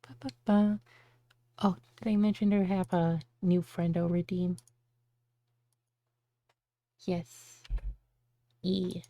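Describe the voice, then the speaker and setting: A woman's voice: on the low side, little pitch movement, slow pace, pauses often, warm tone, dry recording, lo-fi sound. A woman streamer chatting casually on a live stream, bubbly, with cutesy baby-talk words.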